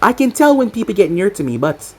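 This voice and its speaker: Brash, defiant young fighter girl, read by a woman, lively pitch. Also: a little fast, breathy edge.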